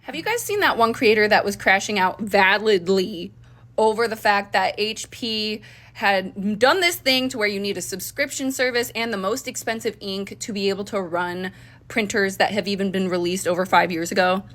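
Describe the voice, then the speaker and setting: A woman's voice: medium pitch, normal speed, a bit bright. A woman commenting to her viewers in a conversational way, rallying them to act. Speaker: commentary creator.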